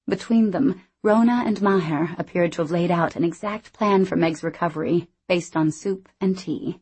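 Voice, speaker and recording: Husky woman reading a novel. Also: on the low side, a little mellow. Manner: measured, reflective. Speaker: audiobook narrator. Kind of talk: scripted first-person narration.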